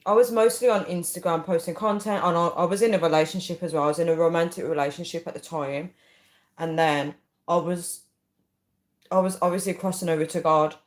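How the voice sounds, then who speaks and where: Reading out viewer comments on her livestream, a woman rambles in a chatty, casual way, filling gaps with frequent ums. Her pitch is fairly low and the audio has a roomy quality.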